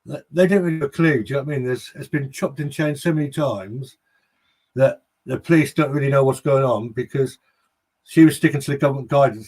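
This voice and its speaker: A man co-hosting a podcast, talking in a relaxed, conversational way. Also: mid-range voice, fairly quick, soft background music. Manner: relaxed, conversational, keeps asking "do you know what I mean". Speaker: podcast co-host. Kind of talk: casual podcast chat.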